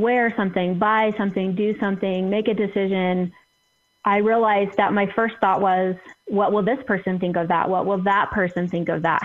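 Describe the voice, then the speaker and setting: A middle-aged woman telling stories in a casual interview, chatty with many fillers. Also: mid-range voice. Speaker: guest, entrepreneur. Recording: phone-line call-in audio.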